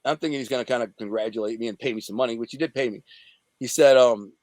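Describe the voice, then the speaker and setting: A middle-aged man from the Detroit area, an interview guest telling a story in a rambling, profane, animated way. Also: medium pitch, fast, no room sound. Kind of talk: casual storytelling.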